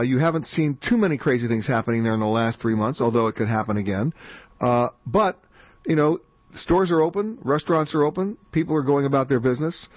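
A man hosting a radio travel call-in show, chatty and emphatic with quick asides. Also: medium pitch, dry recording. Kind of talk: fast radio call-in talk. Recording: dull band-limited radio audio.

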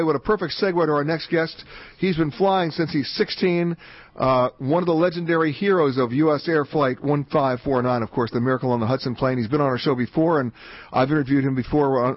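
Fast-talking male radio host, husky. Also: a little high, no echo. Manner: emphatic, chatty, quick asides. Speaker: radio travel show host. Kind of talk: fast radio call-in talk. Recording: dull band-limited radio audio.

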